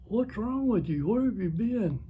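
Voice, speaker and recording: A man putting on a friendly male small-town cop in a much higher voice. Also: lively intonation, unhurried, mellow, a little hiss or hum, rough recording. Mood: surprised.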